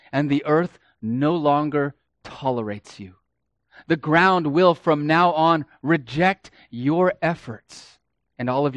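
A man preaching a sermon, dramatic, swinging between hushed and loud and acting out the quotes he reads. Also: on the high side, dry recording.

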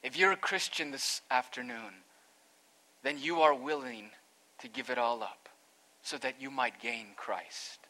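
Bright-voiced man preaching a sermon. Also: medium pitch, measured pace. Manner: earnest expository preaching, rising to emphatic peaks. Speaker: pastor.

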